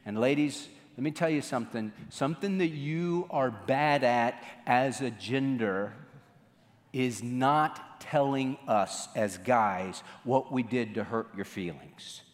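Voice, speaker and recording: A man giving a lively talk on marriage to an audience, acting out his own past lines as he tells the story. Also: medium pitch, slow. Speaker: marriage speaker. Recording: reverberant hall.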